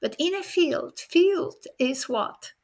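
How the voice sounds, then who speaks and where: A woman's voice: sits high, lively intonation, slow pace, darkish tone. A woman giving a conference keynote lecture, explaining to her listeners and often checking in with rhetorical questions. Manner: addresses the audience directly. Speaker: keynote speaker.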